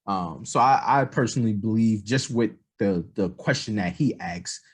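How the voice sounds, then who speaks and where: Husky low-voiced man in casual chat. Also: normal speed. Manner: rambling, animated, lots of fillers. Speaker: podcast co-host.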